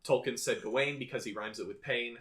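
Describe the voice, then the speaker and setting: A man's voice: medium pitch, fairly quick, a bit bright. A young man co-hosting a podcast in casual chat, bookish and rambling, often restarting his sentences. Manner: reads poetry aloud. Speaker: podcast co-host.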